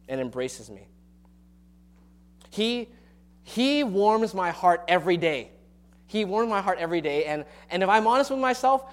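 A man preaching a sermon as pastor of his church, earnest and confessional, often restarting his sentences. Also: sits high.

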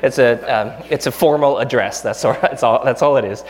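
A man in his thirties, a pastor giving a sermon in a relaxed, conversational way, joking at his own expense and acting out the prayers he quotes. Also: medium pitch, fairly quick. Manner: conversational, self-deprecating, acts out quoted prayers.

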